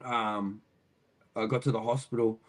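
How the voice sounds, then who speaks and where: A man's voice: on the low side, fairly even intonation, measured pace. An Australian man, a podcast guest telling a long story in casual, rambling fashion, full of swearing and frequent laughter. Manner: profane, rambling, laughs often.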